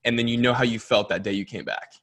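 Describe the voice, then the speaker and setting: A young man, a baseball pitcher co-hosting, talking earnestly and reflectively in casual chat. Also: quick pace, noisy background. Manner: reflective, earnest, builds energy when making a point.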